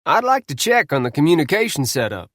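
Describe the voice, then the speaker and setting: A man reading the lines of a friendly young Southern sergeant, slow and matter-of-fact. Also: on the high side, very animated, a bit bright, no room sound, clean studio sound.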